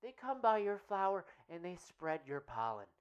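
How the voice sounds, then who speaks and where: A woman's voice: on the low side, sing-song, normal speed, clean tone, lo-fi sound. A woman playing a rambling earnest radio guru. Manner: rambling, earnest, repeats "right?" constantly. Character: earnest man radio host, rambling self-help guru. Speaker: radio show host. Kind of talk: comedic parody radio monologue.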